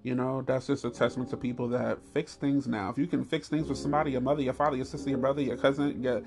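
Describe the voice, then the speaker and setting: Gravelly man ranting on a podcast. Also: quick pace. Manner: animated, profane storytelling with high squeals and laughs. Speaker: podcast host. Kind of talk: candid podcast monologue.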